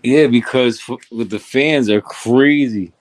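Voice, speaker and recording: A man's voice: mid-range voice, a little slow, dry recording. A man co-hosting a radio show from a studio, chiming in with laid-back casual banter. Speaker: radio co-host.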